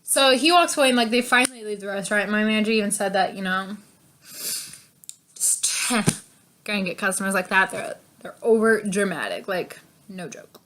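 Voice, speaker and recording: A woman's voice: medium pitch, moderate pace, fairly bright tone, a little hiss or hum. A young woman casually telling stories about her first job, chatty and full of fillers, laughing often. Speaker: vlogger. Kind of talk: casual storytime chat.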